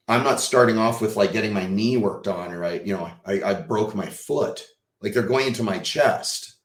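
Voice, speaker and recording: A man, a podcast guest, telling a personal story with emotion and acting out the dialogue, swinging from hushed to loud. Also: lowish voice, fairly quick, reverberant. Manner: vivid storyteller who acts out quoted dialogue.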